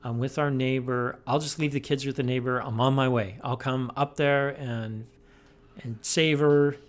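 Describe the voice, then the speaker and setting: A middle-aged man chatting casually on a podcast, relaxed and dry. His voice sits at an everyday middle pitch for a man. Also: moderate pace. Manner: relaxed, wry asides. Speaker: podcast co-host. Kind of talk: casual chat.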